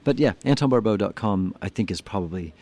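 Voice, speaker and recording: A man's voice: fairly low pitch, animated, fast talker, darkish tone. A man being interviewed as a musician guest on a radio show, talking hesitantly and modestly with many ums and restarts. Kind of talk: casual radio interview chat. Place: radio studio.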